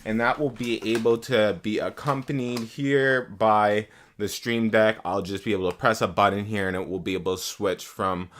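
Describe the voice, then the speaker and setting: A man's voice: fairly low pitch, fairly even intonation, moderate pace, a bit bright. A young man chatting casually on a live stream, swearing often and repeating himself, into a desktop mic at home. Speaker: livestreamer. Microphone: desktop USB mic.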